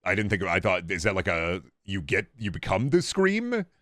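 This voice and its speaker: A young man with a fairly low voice keeps up casual commentary while he plays a video game on stream. He rambles between thoughts, swears freely and answers his viewers as he goes. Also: very animated, normal speed, fairly bright tone, no echo, clean studio sound. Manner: rambling, profane, chatting with viewers while playing.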